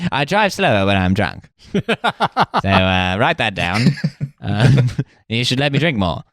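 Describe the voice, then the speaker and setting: A man's voice: lowish voice, sing-song, measured pace, a bit bright, dry recording, studio quality, full character voice. A man putting on a shameless drunk posh spy, smug and giggly.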